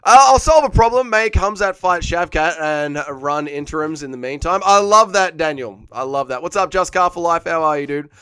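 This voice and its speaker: A man's voice: fairly high pitch, normal speed, few pauses, bright, forceful tone, smooth, dry recording, studio quality. Crude man doing watch-along commentary. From Australia. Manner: crude, joking, reads chat aloud. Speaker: livestream host.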